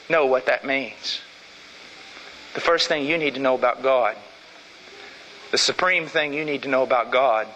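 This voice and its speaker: A man's voice: a little high, sharp tone, slight background noise. A man preaching an emphatic sermon with much repetition. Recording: long hall reverb.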